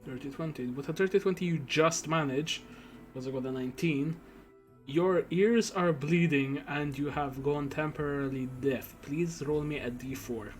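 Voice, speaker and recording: A man's voice: fairly high pitch, normal speed, soft background music. A man narrating as game master in a casual, profane way, full of fillers.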